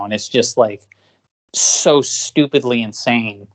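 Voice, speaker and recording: A man co-hosting a casual music podcast, rambling and restarting his sentences, now and then loudly mimicking the songs he talks about. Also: medium pitch, moderate pace. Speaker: podcast co-host.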